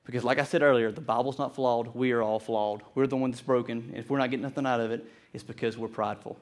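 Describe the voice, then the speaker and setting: A man preaching a sermon to his congregation, earnest and animated, often repeating words as he builds his point. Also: medium pitch, quick pace. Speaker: pastor.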